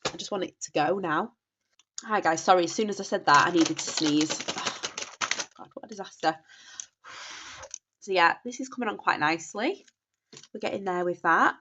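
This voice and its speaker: A woman's voice: lowish voice, normal speed, pauses often, noisy background. A woman in her thirties from the North West of England with a Northern English accent, congested from a cold and sounding nasal, chatting casually and apologetically about her spending. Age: 30s. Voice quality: nasal, bunged up. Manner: chatty, apologetic, often restarts and says sorry. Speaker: budgeting vlogger. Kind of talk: casual chat. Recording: dull lo-fi home recording.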